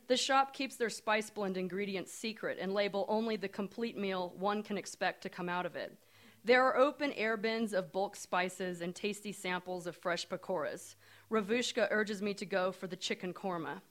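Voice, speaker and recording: A woman's voice: medium pitch, a bit bright. An American woman narrating a personal story in a wry, reflective way. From United States.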